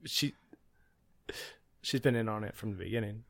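A man's voice: on the low side, moderate pace, gravelly, dry recording. A man co-hosting a podcast, chatting casually through a movie watch-along, laughing often and explaining the lore. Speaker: podcast co-host.

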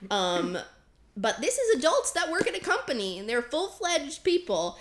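A woman's voice: high-pitched, very animated, moderate pace. A young woman co-hosting a podcast, chatting casually with lots of "like"s, restarts and laughter. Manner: rambling, many "like"s and restarts, laughs often. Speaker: podcast co-host. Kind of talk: casual chat.

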